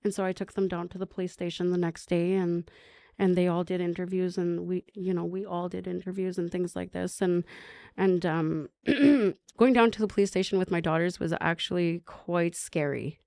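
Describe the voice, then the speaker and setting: A woman's voice: fairly low pitch, level tone, moderate pace, gravelly, a little mellow, clear, resonant tone, no echo. A woman from Canada telling her recovery story as a podcast guest, earnest, with many "like" fillers and acted-out dialogue.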